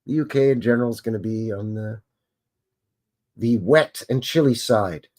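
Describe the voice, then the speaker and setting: A man's voice: fairly low pitch, normal speed, a little mellow. A man hosting a live stream, musing and chatting as he thinks aloud over old photographs.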